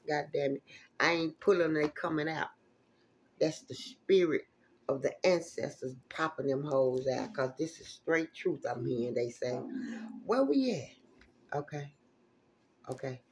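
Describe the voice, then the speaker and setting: A woman giving a casual tarot reading, animated and exclamatory, with plenty of salty, profane asides. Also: sits low, measured pace, long pauses, a little hiss or hum. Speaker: tarot reader.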